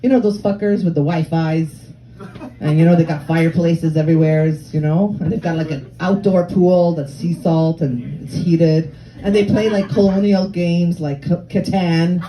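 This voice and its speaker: A woman's voice: on the low side, moderate pace, mellow, rough recording. A woman in her forties from Lebanon and Canada, doing a brash, profane, self-mocking stand-up comedy set on a comedy club stage. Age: 40s. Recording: live club crowd laughing.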